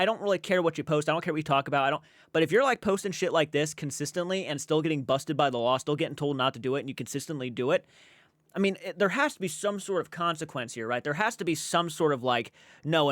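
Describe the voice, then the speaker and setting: A man's voice: fairly high pitch, animated, quick pace, fairly bright tone, no room sound, clean studio sound. A man giving casual, blunt reaction commentary, exasperated and swearing freely.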